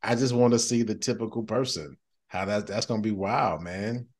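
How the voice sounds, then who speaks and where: A middle-aged man hosting a podcast in casual chat, animated and slangy, often laughing. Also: on the low side, normal speed. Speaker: podcast host.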